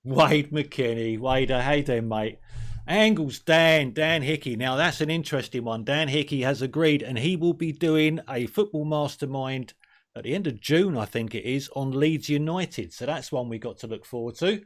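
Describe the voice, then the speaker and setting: A man's voice: mid-range voice, moderate pace. A man hosting a live stream, chatting casually and greeting viewers by name. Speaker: stream host.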